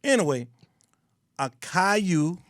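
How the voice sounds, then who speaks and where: A man hosts a laid-back online radio talk show in a fairly high voice. He jokes at his own expense and keeps things playful. The sound is dry and close to the mic. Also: big pitch swings, slow, no room sound. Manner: playful, self-deprecating about names. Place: studio.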